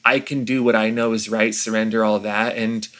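A man, a pastor, talking in an earnest, reflective way during an interview, often pausing and restarting his sentences. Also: fairly low pitch, little pitch movement, fairly bright tone.

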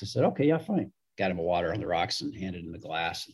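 A man's voice: low-pitched, big pitch swings, fast talker, breathy edge. A man telling a casual anecdote, chatty, repeating words as he goes and acting out the quotes. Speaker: guest storyteller.

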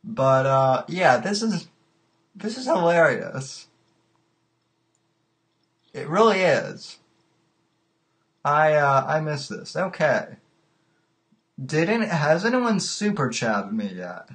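Male call-in show host, slow and stammering, laughing at callers. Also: fairly high pitch, sing-song. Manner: halting, repeats his words, laughs often. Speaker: podcast host. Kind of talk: live call-in show chat.

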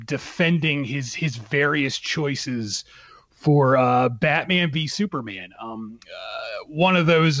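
A man's voice: a little high, a bit bright, no echo, lo-fi sound. A man talking casually on a podcast as a writer, chatty, with many fillers and laughs.

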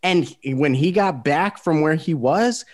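Man, fairly high voice with lively swings, opinionated podcast co-host. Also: a little slow. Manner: opinionated, animated ranting. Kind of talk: casual chat.

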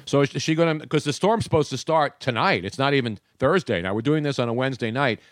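Animated joking male show host. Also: mid-range voice, fast talker, no echo, studio quality. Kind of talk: casual banter.

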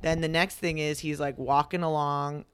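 A young man casually retelling a myth, full of fillers and quick acted-out quotes. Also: fairly high pitch, level tone, fairly bright tone, smooth, no room sound. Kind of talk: casual storytelling chat.

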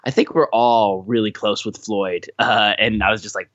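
A young man co-hosting a podcast, telling stories in a casual, animated way and acting out what others said. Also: lowish voice, normal speed, no room sound, lo-fi sound. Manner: animated, acts out quoted voices, swears casually. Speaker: podcast co-host.

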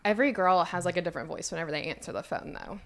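A woman's voice: on the low side, very fast, a loud crowd. A young woman from Mississippi with a Southern accent, chatting casually as a co-host, saying "like" and "y'all" and laughing often. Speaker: podcast co-host. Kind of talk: casual chat.

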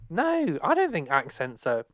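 A man's voice: on the high side, wildly swooping pitch, measured pace, a bit bright, no room sound. A young man in his twenties from England, co-hosting a podcast in casual, rambling chat full of fillers. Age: 20s. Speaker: podcast co-host.

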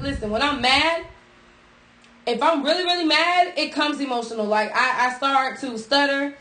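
Blunt high-voiced woman in an echoey room. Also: expressive, normal speed, bright, forceful tone. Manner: blunt, profane, preachy. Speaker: podcast co-host. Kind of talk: casual podcast chat. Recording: echoey room with clear noise.

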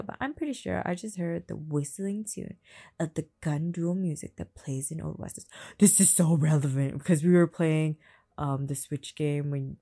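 Deadpan woman with a gravelly fry. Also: low-pitched. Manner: monotone with chatty asides. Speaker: reader of romance novels. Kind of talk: deadpan comedic reading. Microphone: phone.

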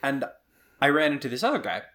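Bright-voiced Midwestern man, chatty. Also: mid-range voice, sing-song, quick pace. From Midwest United States. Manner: chatty, self-deprecating storyteller. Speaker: podcast co-host. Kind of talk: casual chat.

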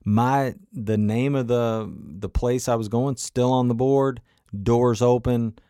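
A man's voice: medium pitch, fairly even intonation, slow, warm tone, smooth, no echo, studio quality. A man telling a personal travel story in a conversational, motivational way, often turning to the listener with asides.

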